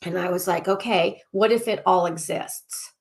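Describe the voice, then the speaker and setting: A woman life coach leading a casual group session, excitable and talking in loops, often repeating phrases and clearing statements. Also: fairly low pitch, moderate pace.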